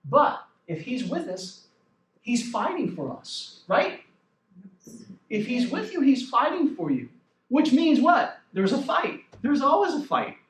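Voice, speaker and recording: A man's voice: extremely high pitch, big pitch swings, takes it slowly, echoey room, distant mic, poor audio. A man preaching a sermon as pastor, talking conversationally and checking in with the congregation. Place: church sanctuary.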